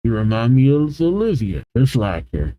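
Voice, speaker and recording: A man reading aloud as a gentle elderly giant scholar, chuckling and fatherly. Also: mid-range voice, very animated, normal speed, muffled recording, lightly acted. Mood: tender. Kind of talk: manga read-aloud.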